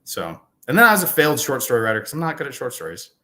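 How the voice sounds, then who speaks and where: A man's voice: mid-range voice, big pitch swings, rapid-fire, pushed and bright. A man in his thirties, a guest author chatting casually on a video call, joking and self-deprecating. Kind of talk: casual interview chat.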